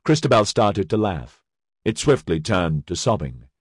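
A man narrating an audiobook in an expressive storytelling manner. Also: lowish voice, a little slow, breathy edge, no room sound, studio quality.

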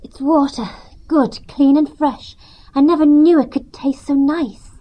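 A man voicing a bright young female mouse in a high falsetto in a storybook reading. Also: steady tone, measured pace, highs cut off. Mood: earnest. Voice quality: high falsetto, sing-song.

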